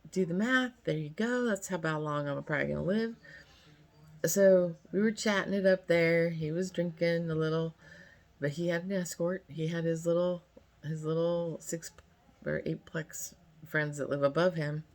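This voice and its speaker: A woman in her fifties from California spins a casual story time. Her voice sits low with a gravelly edge. She rambles in a friendly, chatty way and leans on fillers. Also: fairly even intonation, moderate pace. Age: 50s. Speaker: vlogger.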